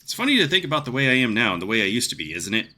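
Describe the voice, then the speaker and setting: A man's voice: medium pitch, big pitch swings, very fast, pushed and bright. A man playing a role-playing game and giving casual commentary with wry, joking asides. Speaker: gaming video host.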